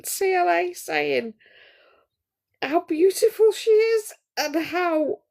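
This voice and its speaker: A woman's voice: very high voice, expressive, takes it slowly, creaky, darkish tone. A woman hosting a casual live stream, chatting to viewers in a gossipy, teasing way.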